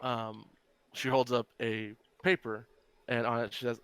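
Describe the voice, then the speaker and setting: A man's voice: medium pitch, little pitch movement, measured pace, fairly bright tone, clean tone, dry recording. A young man narrating as game master, casual and rambling. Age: young adult.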